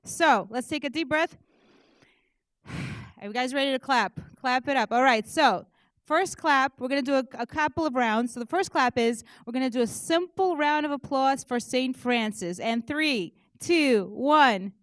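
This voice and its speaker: A woman warming up an auditorium audience, joking and leading rounds of applause with loud, energetic calls. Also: high-pitched, unhurried, dry recording. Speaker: audience warm-up comedian. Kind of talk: stand-up warm-up, leading applause.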